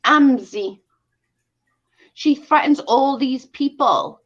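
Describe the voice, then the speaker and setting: A woman's voice: sits high, slow. A woman hosting a casual commentary stream, exasperated and emphatic, repeating her points. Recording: dull lo-fi stream audio.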